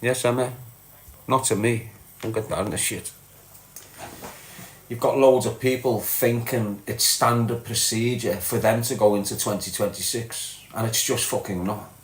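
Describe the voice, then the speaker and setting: A man's voice: medium pitch, fairly even intonation, normal speed. A Scouse man from Liverpool, middle-aged, reading his chat live and answering viewers bluntly, calling everyone lad and mate.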